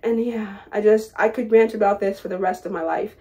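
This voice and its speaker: A woman's voice: medium pitch, fairly even intonation, fast, few pauses, darkish tone. A young woman vlogger ranting to camera, impassioned and hurt, repeating her phrases and trailing off into sad fillers. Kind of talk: emotional personal rant to camera.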